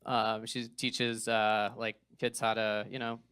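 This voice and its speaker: A man's voice: fairly low pitch, flat delivery, slow. A young man, a teacher, answering a comedy host hesitantly, with lots of fillers and easy laughs. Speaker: open-mic contestant, teacher. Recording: noisy live comedy club.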